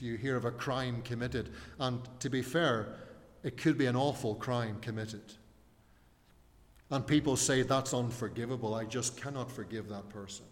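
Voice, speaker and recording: A man preaching a sermon, explaining a passage earnestly and putting questions to his listeners. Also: medium pitch. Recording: reverberant hall.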